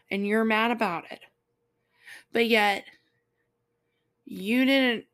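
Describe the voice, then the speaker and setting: A woman's voice: on the high side, a bit bright. Chatty young woman teaching Bible stories. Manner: chatty and slangy, laughs often. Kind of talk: casual Bible study commentary.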